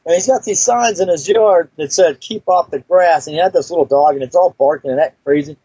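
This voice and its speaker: Guy rambling thru a personal story, lots of uh and restarts, kinda husky, dry dull lo-fi audio. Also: a little high, fast talker, dark tone, no echo. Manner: rambling, full of fillers and restarts. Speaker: guest storyteller. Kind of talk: personal story told casually.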